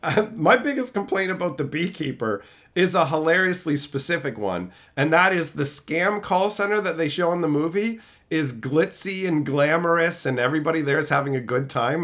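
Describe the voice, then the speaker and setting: A man's voice: on the high side, moderate pace. A man hosting a stream, casually ranting and telling profane stories about old jobs. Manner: profane, animated, mimics coworkers in quotes. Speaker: streamer host. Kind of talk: casual storytelling rant.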